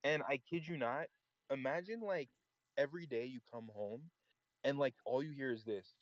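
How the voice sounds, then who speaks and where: A man's voice: medium pitch, moderate pace, no room sound. A young man on a voice call, telling a long, rambling story in casual chat and filling it with "like". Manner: rambling storyteller, heavy filler "like". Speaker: caller on voice chat. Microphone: voice chat mic. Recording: dull lo-fi voice chat.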